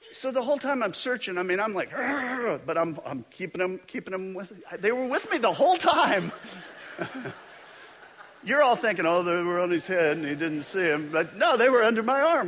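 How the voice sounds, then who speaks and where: Middle-aged man, pastor, slightly high voice, lively storytelling sermon with self-deprecating jokes. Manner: storytelling, animated, self-mocking humor.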